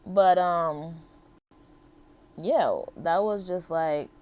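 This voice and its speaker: A woman's voice: on the low side, very slow, a little mellow. A woman in her thirties from the United States, telling her personal story to camera in a chatty, heartfelt way full of "like" and "um". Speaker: vlogger.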